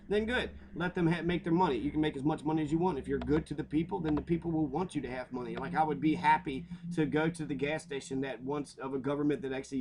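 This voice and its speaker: A man's voice: mid-range voice, a little mellow, slight background noise. A man giving a profane, heated, rambling rant while commenting on local news stories. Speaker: commentary vlogger.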